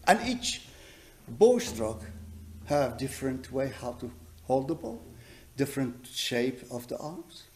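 A man teaching a double bass masterclass, telling anecdotes in halting speech, often restarting sentences as he searches for words, then turning emphatic. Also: slight background noise. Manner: animated, emphatic storytelling. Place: music college teaching room.

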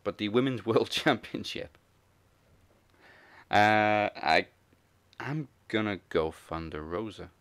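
A man's voice: on the low side, expressive, slow pace, pauses often, fairly bright tone, clear, resonant tone, no room sound. A man hosting a casual wrestling podcast, often laughing as he runs through the list of picks. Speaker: podcast host.

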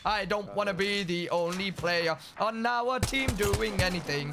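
A young man streaming a competitive shooter game, firing off terse, rapid callouts to his team and humming to himself between fights. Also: sits high, music in the background. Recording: game gunfire over the voice. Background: game gunfire and effects.

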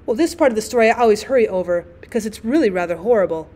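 A woman teacher reading a classic short story aloud as an audiobook, with expressive, dramatic storytelling. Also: mid-range voice, very fast.

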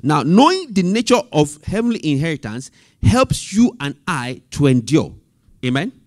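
A man teaching a Bible study, reading scripture slowly and repeating references and key phrases, asking the group for amen. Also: fairly high pitch, sing-song, dry recording, clean studio sound.

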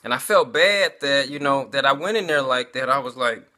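A man's voice: mid-range voice, lively intonation, normal speed, sharp tone. A man giving a casual personal testimony, talking conversationally and often addressing his listeners as y'all.

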